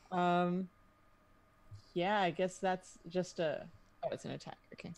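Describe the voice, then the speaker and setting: A woman with a somewhat low voice plays a tabletop game in a playful, teasing way, describing her character's moves and jokes. She speaks into a home microphone. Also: steady tone, slow, vocal fry, a little mellow, a little hiss or hum. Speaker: player. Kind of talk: casual tabletop play.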